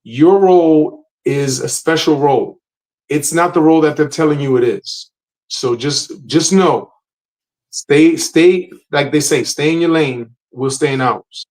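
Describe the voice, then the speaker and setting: Guy on a podcast going off, kinda high voice, repeats himself to drive it home. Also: measured pace, a little mellow, poor audio. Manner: emphatic, lecturing, repeats phrases. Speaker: podcast co-host. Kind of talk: casual podcast chat.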